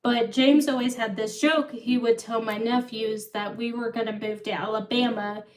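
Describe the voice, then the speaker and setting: A woman's voice: a little high, fairly even intonation, moderate pace, slight background noise. A young woman hosting a livestream, telling a long personal story casually, circling back and repeating herself. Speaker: livestream host. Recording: echoey room, far from the mic.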